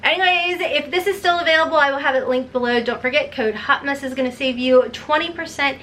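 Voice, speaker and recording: Woman beauty vlogger, chatty and rambling, a touch high-pitched, faint room hiss. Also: brisk, bright, forceful tone. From Kentucky. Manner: chatty, rambling, self-deprecating. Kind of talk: casual makeup tutorial chat.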